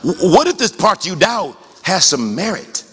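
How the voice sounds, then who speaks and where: Preacher guy, kinda high voice, goes up to shouting sometimes, long echo in the church. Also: very animated, unhurried, a little hiss or hum. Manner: conversational preaching, rhetorical questions, rising to shouts. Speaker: pastor. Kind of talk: sermon.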